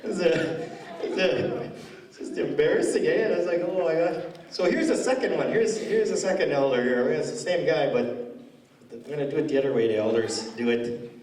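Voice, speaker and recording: Man doing stand-up, rambling, self-mocking, fairly high voice, echoey hall, distant mic. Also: fairly quick, a little mellow. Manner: rambling, self-mocking, laughs at own jokes. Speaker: stand-up comedian. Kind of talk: stand-up comedy. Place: school hall with a live audience. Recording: roomy hall audio from a distance.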